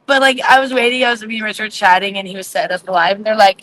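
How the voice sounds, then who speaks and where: A woman's voice: mid-range voice, steady tone, rapid-fire, a bit bright, slight background noise, low-quality recording. Candid forty-year-old woman rambling. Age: 40s. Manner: candid, rambling and confessional, with many fillers. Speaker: vlogger hosting a livestream. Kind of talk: casual livestream chat. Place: outdoors on a quiet city street at night. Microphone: phone on a tripod, no earphones.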